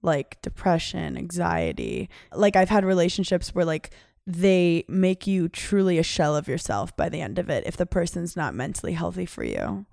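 A woman's voice: lowish voice, big pitch swings, normal speed, vocal fry, hardly any pauses, darkish tone, no echo, studio quality. A woman in her thirties, a podcast guest talking candidly in casual chat, swearing often and full of "like" fillers.

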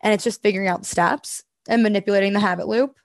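A woman's voice: mid-range voice, fairly even intonation. A young woman as an interview guest, talking in a bubbly, casual way and filling her speech with "like". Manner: bubbly, fast, lots of "like".

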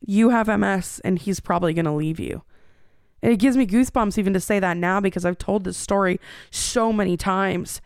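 Candid woman with a gravelly, smooth voice. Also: medium pitch, fairly quick, dry recording, studio quality. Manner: candid, rambling, frequent fillers and restarts. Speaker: podcast host. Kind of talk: personal storytelling monologue.

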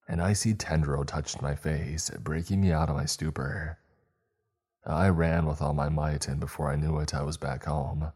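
A man reading a first-person horror story aloud, in measured, somber storytelling. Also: very deep voice, a little mellow, husky. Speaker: narrator.

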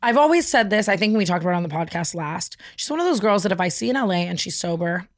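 Animated young woman telling a story. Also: quick pace. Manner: animated storytelling, mimics a whiny high voice. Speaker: podcast co-host. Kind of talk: casual chat.

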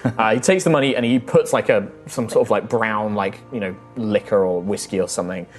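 A man's voice: lowish voice, a little fast, soft background music. A man narrating a tabletop game as game master, describing scenes in a rambling way full of fillers.

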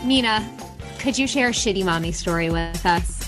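A woman's voice: lowish voice, animated, normal speed, loud music behind the voice. A woman hosting a podcast, chatting casually and thanking her guest effusively. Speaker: podcast host.

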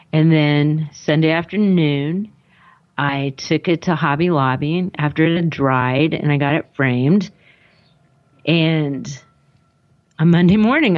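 In conversation, a woman tells a personal story, rambling along, acting out the dialogue, and saying "like" often. Her voice is fairly low in pitch, and the recording is muffled.

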